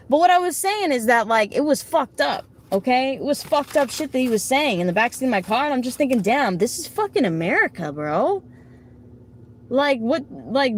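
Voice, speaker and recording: Woman, late twenties, somewhat high voice, casual live-stream chat, foul-mouthed, animated. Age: late 20s. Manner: blunt, heavy swearing, talks back to chat. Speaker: livestreamer giving card readings.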